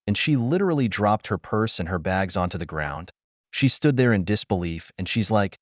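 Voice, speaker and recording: A man narrating a first-person story in an animated storytelling manner. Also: lowish voice, normal speed, no room sound, studio quality.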